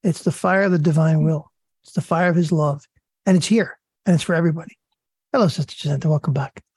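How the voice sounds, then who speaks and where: A man hosts a devotional talk show, tripping over his words in his enthusiasm. His voice is slightly husky and recorded dry and close. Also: a little high, quick pace, darkish tone, no room sound. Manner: enthusiastic, stumbling, laughs at himself. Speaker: host.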